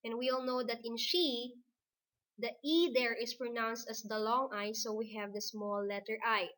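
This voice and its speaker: A woman teacher with a Filipino English accent, dictating a recorded lesson slowly and deliberately. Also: a little high, steady tone, fairly bright tone.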